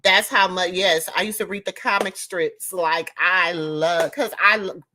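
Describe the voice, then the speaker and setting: A woman in her fifties hosting a casual commentary, emphatic and animated, repeating lines for effect. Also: fairly low pitch, unhurried, background noise. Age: 50s. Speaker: host.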